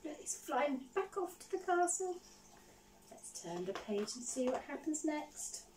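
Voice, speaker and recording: A woman teacher reading a picture book aloud to children, animated and often stopping to ask them questions. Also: high voice, a little slow, recorded from a distance, a little hiss or hum, poor audio. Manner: animated, asks the listeners questions.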